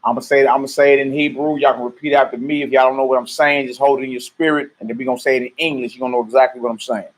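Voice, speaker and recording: A man's voice: mid-range voice, steady tone, very fast, few pauses. A man leading a ministry livestream, greeting viewers by name in loose street slang and then calling out prayer lines for a group to repeat. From United States. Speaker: minister leading a live-streamed teaching. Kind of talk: casual shout-outs and call-and-response prayer leading.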